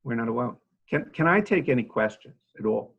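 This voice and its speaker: A man in his sixties giving an earnest, halting talk over a video call about running care homes, with many fillers and restarts. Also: medium pitch, expressive, vocal fry, slightly rough, dull audio. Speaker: nursing home agency head speaking to a club. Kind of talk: informal talk to a civic club.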